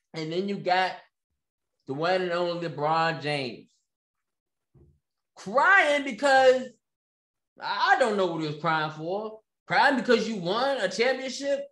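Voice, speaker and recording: A man's voice: high-pitched, a bit bright. A man hosting his own commentary show, ranting with sarcasm and repeating phrases for emphasis. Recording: echoey room.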